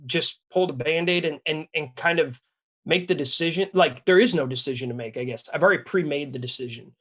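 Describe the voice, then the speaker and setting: A man's voice: a little high, a little fast, a bit bright, breathy edge, muffled recording. A man in his thirties from Wisconsin, telling a personal story as a podcast guest in a candid, earnest, rambling way with many restarts. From Wisconsin, USA. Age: 30s.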